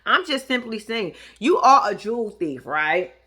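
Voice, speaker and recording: A woman's voice: a little high, measured pace, breathy edge. Sassy profane woman recapping TV. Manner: profane, sassy, animated storytelling; sarcastic, teasing. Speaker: reality TV recap vlogger. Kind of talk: casual commentary.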